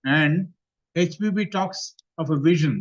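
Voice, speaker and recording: A man with an Indian English accent gives a study-class talk, in a measured way that recaps and repeats points. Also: a little high. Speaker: lecturer on theosophy. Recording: dull lo-fi recording.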